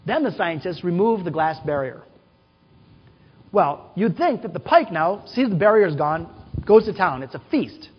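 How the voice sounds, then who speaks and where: This keynote speaker is a man with a high-pitched, husky voice addressing a large conference hall. He tells stories with quoted voices and questions aimed at the audience, in a dull recording echoing off the hall.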